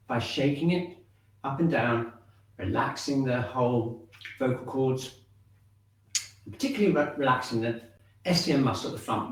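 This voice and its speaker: Calm man guiding a qigong class. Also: mid-range voice, far from the mic. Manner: calm, encouraging instructions, often checking in with "okay". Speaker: shiatsu and qigong teacher. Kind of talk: guiding an online movement class. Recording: very echoey room, voice off-mic.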